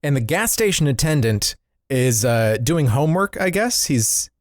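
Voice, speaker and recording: A man co-hosting a podcast, chatting casually about a film and cracking jokes with quick put-on voices. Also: mid-range voice, no room sound, studio quality. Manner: animated, jokey, puts on quick movie-line voices. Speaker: podcast co-host. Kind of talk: casual chat recapping a film.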